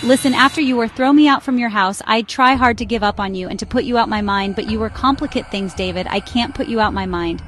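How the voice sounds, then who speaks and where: A woman's voice: fairly high pitch, fast, hardly any pauses, a bit bright, a little hiss or hum, natural voice. Woman voicing a possessive rich young woman. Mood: obsessive. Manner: pleading then threatening, broken grammar.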